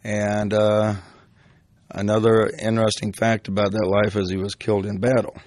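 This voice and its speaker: A man's voice: fairly low pitch, monotone, normal speed, darkish tone, no room sound. An older man and hypnotist casually recounting his experiences, rambling with restarts and fillers. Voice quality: gravelly. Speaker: hypnotist telling stories. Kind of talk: casual storytelling.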